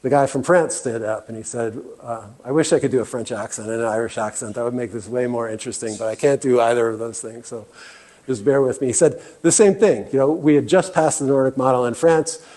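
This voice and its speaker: A man's voice: medium pitch, brisk, warm tone. A man giving a presentation talk as guest speaker, earnest and often restarting with fillers. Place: meeting room.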